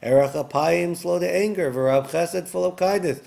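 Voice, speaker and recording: A man's voice: high voice, moderate pace, creaky, a little mellow. A man teaching a Bible lesson who reads each Hebrew verse aloud and then translates and explains it line by line. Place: recorded for an online class video.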